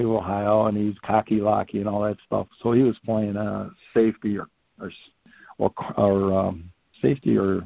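A man's voice: fairly low pitch, gravelly, dry recording, muffled recording. An older man, a retired coach, telling stories animatedly in a casual interview, repeating phrases for emphasis. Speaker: retired coach, podcast guest.

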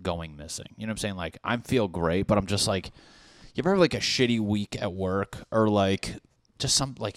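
Young male podcast host, fairly low voice, dry close mic, rambling and foul-mouthed. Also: no room sound. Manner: profane, rambling, excitable. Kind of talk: casual rambling monologue.

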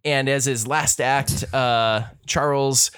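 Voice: medium pitch, slow pace, smooth, no echo, clean studio sound. A co-host casually recapping a horror movie's plot with jokes and fillers. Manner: relaxed, jokey recap with fillers. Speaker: podcast co-host.

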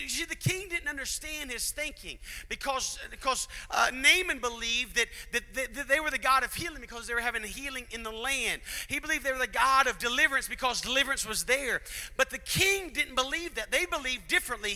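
A fervent male youth preacher with a very high, sharp, bright voice. He swings from shouted peaks to quick, hushed asides. The sound rings with the long reverb of a large hall. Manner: fervent, rising to shouts then dropping low. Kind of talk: sermon.

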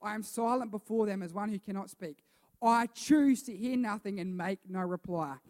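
Male pastor, high voice, chatty sermon delivery with a hall echo. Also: normal speed, a little mellow. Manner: chatty, repeats himself, asks the congregation questions. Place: church hall with a congregation. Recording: long reverb of a church hall.

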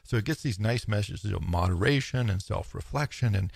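A man's voice: lowish voice, lively intonation, fairly quick, gravelly, breathy edge, no room sound, clean studio sound. A man giving an informal lecture on philosophy, talking in a thoughtful, musing way with many restarts and quoted asides.

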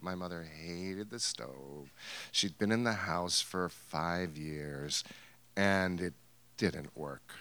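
Speaking slowly in a low, bright and forceful voice, a man from New Hampshire recounts a family story onstage before a theater audience. He stays wry and amused, chuckling throughout.

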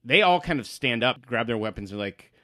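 A man narrating a tabletop role-play as game master, relaxed, with frequent fillers. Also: mid-range voice, fairly quick.

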